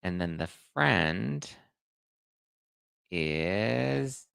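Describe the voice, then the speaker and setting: A man hosting a celebrity gossip commentary show, telling the story in an animated, sarcastic way. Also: low voice, drawn-out words, gravelly, smooth, dry recording. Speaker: host.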